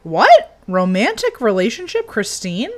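Animated woman chatting over gameplay. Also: mid-range voice, unhurried. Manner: chatty, reacts with sudden excited outbursts. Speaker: game streamer. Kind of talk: casual gameplay commentary.

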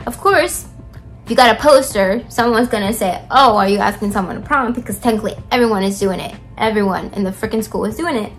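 A young woman telling a rambling, chatty story about her school days while doing her makeup, full of fillers, recorded close on a phone indoors. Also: mid-range voice. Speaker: vlogger.

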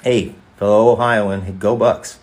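A man's voice: on the low side, fairly even intonation, measured pace. A voice actor chatting casually and joking with viewers while he signs autographs on a livestream. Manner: playful, jokey, rambling. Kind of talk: casual chat.

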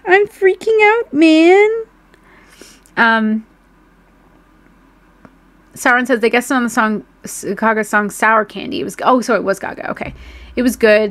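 A woman's voice: mid-range voice, fairly bright tone. A woman in her thirties casually chatting on a live stream, reading viewer comments aloud, swearing freely and laughing often.

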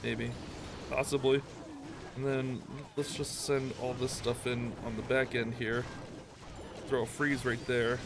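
A man giving rambling, self-mocking commentary on his own gameplay for a video, with excited outbursts. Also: medium pitch, background noise. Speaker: gaming YouTuber.

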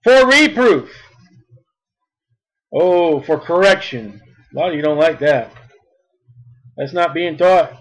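A man preaching a sermon, reading scripture slowly and then speaking emphatically. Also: on the high side, expressive, low-quality recording.

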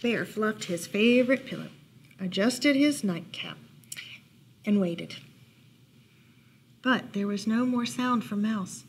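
A woman librarian reading a bedtime picture book aloud, gentle and unhurried, with playful asides. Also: mid-range voice, a little hiss or hum. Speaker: children's librarian storyteller.

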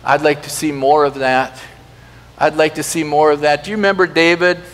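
A man preaching a lively sermon with a high, forceful voice. He mixes jokes with sudden loud emphasis. His voice rings out with a long reverb, recorded in a church. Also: normal speed. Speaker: pastor. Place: church sanctuary.

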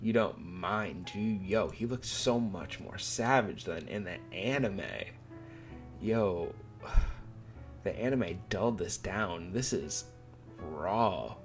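A man's voice: low-pitched, lively intonation, slow, soft background music. A man giving casual, cursing, wry reaction commentary while reading a manga. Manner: cursing, wry, laughs at the story.

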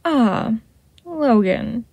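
A woman voicing a sly, snake-like male deceiver in a storybook reading, with a smooth, honeyed manner. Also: a little high, expressive, drawn-out words, a little mellow, dry recording, lo-fi sound, full character voice. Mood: silky. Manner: purring and mocking.

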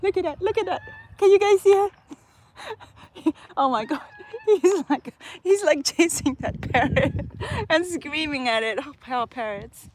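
A young woman, a parrot trainer, chatting casually on a phone live stream outdoors, cooing at her bird and exclaiming excitedly. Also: sits high, slow pace, noisy background. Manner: animated, cooing baby talk to her bird; frequent laughter, excited exclamations. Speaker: parrot trainer, channel host. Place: outdoors in open country.

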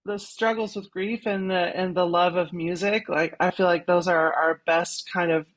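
Giggly, excitable middle-aged woman. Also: fairly low pitch, moderate pace. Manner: laughing, repeats words when excited. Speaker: actress, interview guest. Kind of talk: casual interview chat.

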